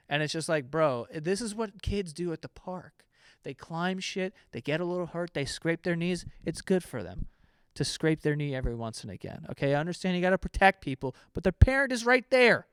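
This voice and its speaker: A young man riffing in a loose, profane reaction rant, his raised voice smooth and clean. He swerves from muttered asides into sudden shouted disbelief. The sound is close and dry, with no room around it. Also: high voice, dry recording. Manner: animated, swears freely, swings into sudden loud outbursts. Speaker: comedy YouTuber reacting to stories. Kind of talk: casual reaction commentary.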